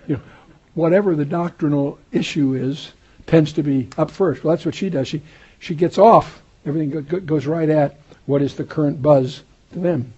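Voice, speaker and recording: Husky-voiced male Bible teacher, lo-fi. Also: on the high side, moderate pace, mellow. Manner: conversational, wry asides and digressions. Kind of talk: verse-by-verse Bible study lecture.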